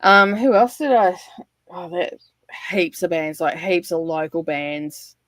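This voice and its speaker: A woman's voice: on the low side, expressive, measured pace, dry recording. A middle-aged Australian woman in casual chat on a livestream, rambling and chatty, with lots of fillers and frequent laughter. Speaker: livestream guest.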